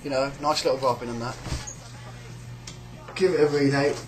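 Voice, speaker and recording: A man's voice: medium pitch, fairly even intonation, moderate pace, roomy sound, soft background music, low-quality recording. A man with a British accent ranting in a sneering, rambling, sweary way about a coworker. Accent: British English. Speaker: shop worker. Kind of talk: casual rant.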